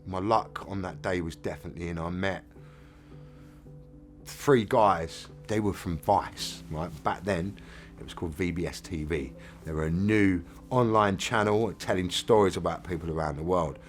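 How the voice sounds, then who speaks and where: English guy, middle-aged, deep voice, casual candid storytelling. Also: normal speed, faint music behind. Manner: plain-spoken, casual, frank. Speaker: reformed fraudster telling his story. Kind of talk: candid first-person storytelling.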